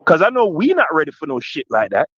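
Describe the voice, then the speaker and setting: A man's voice: a little high, huge pitch swings, quick pace, slightly rough, no echo, lo-fi sound. Jamaican man, passionate podcast talk. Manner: long winding questions with many restarts and repeated "right?"; grows louder and more forceful when passionate. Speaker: podcast co-host. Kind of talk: heated political discussion.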